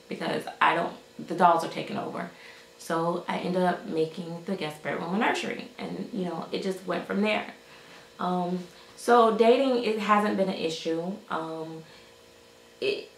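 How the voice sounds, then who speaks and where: A woman's voice: fairly low pitch, creaky, echoey room, a little hiss or hum, low-quality recording. A woman vlogger telling a rambling, casual storytime about her doll collecting, acting out what others said. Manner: chatty, rambling, quotes others in animated voices.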